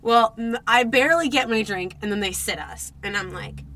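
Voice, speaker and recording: A young woman co-hosting a podcast, telling a dating story in casual chat, animated and swearing, acting out her own reactions. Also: on the high side, moderate pace, music in the background. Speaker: podcast co-host.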